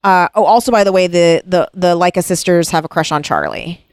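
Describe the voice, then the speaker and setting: Woman chatting about a book, lowish voice, reads bits out softly, dry close sound. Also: fairly quick, clear, resonant tone, no room sound. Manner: retells the plot, reads passages aloud softly. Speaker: book discussion co-host. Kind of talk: casual chat.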